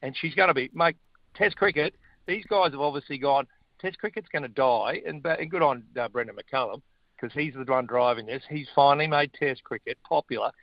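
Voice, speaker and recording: A middle-aged man with an Australian accent, a guest chatting casually about sport in a blokey, animated way. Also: medium pitch, fairly quick, gravelly, no room sound, muffled recording. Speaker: guest, former rugby player and radio host.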